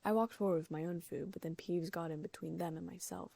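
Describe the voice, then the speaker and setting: A woman with a low, gravelly voice reads a first-person audiobook. She lifts her pitch a little for the characters' lines. Her tone is dark and husky, recorded close and dry. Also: fairly even intonation, brisk, no room sound. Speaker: audiobook narrator. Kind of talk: first-person fan fiction audiobook reading.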